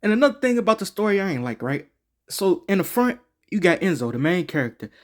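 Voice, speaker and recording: A man's voice: sits high, very animated, fast. A man giving a casual game review, slangy and profane, rambling with frequent restarts.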